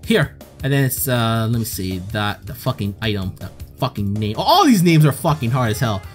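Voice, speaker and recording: A man's voice: medium pitch, very animated, fairly quick. A man commenting casually on a game he is playing, swearing often and sounding exasperated between reading lines. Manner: crude, swearing, exasperated asides. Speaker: let's play host. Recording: faint game music behind.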